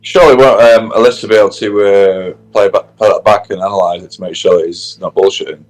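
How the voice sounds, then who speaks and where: A man's voice: fairly low pitch, fairly even intonation, fast, rough recording. A man playing in a tabletop game, chatting casually and playfully, laughing easily. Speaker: player. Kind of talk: casual chat.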